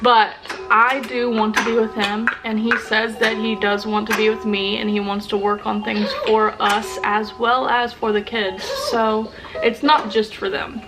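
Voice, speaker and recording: A woman's voice: on the high side, level tone, unhurried, music in the background, rough recording. A young woman vlogger talking earnestly and emotionally to camera, often restarting her sentences. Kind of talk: casual sit-down talk to camera.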